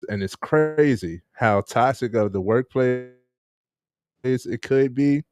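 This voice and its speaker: A man's voice: medium pitch, slow pace, a little mellow. A man hosting a casual live-streamed interview, chatting with viewers and laughing often. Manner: laid-back, laughs often, chats with viewers.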